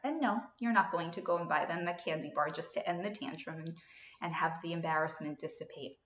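Calm woman teaching parents in an echoey room. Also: lowish voice, moderate pace. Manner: calm, steady explanations with acted-out parent lines. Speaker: parenting educator. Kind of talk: scripted instructional talk.

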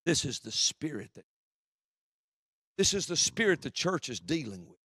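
A man preaching a sermon from the pulpit, swinging between loud declarations and hushed, low passages. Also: big pitch swings, moderate pace, slightly rough, no echo, clean studio sound.

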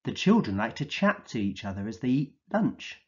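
A man teaching a recorded vocabulary lesson for young children, speaking slowly and clearly in an encouraging way and acting out the words he defines. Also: mid-range voice, big pitch swings, dull audio. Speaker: early years teacher.

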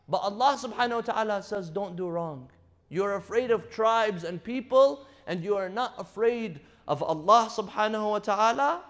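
A man's voice: high-pitched, expressive, normal speed. A man giving a Ramadan night sermon, telling a prophet's story and reciting verses between his retellings. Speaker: imam. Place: mosque or Islamic center.

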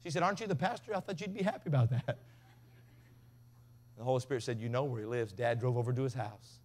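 A man's voice: mid-range voice, fast talker. A man preaching a revival sermon, telling stories in a folksy way and acting out the voices of the people in them. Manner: folksy storyteller, mimics voices, builds to shouting. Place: revival tent.

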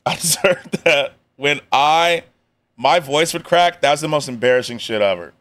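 A man's voice: fairly high pitch, normal speed, fairly bright tone. A young man reacting to a video on a live stream, joking in slang and laughing often. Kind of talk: casual reaction commentary.

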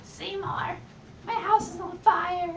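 A teenage boy putting on a shrieking falsetto as a panicky old mother. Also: fairly even intonation, slow, vocal fry, a bit bright, recorded from a distance, slight background noise, heavily acted. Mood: panicked. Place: school library. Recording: echoey library from afar.

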